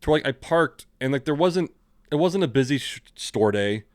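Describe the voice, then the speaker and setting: A man's voice: medium pitch, lively intonation, moderate pace, no room sound, clean studio sound. A man co-hosting a podcast, telling rambling stories in casual chat, acting out his own thoughts and swearing freely. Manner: rambling anecdotes with acted-out inner voice, casual swearing. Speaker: podcast co-host.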